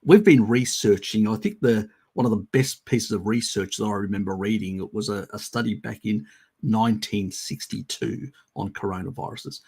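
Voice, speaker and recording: A man hosts a casual live stream and answers viewer questions with a sarcastic, mocking edge. His voice is gravelly and husky, with a breathy rasp. He laughs often. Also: lowish voice, steady tone, moderate pace, a little mellow.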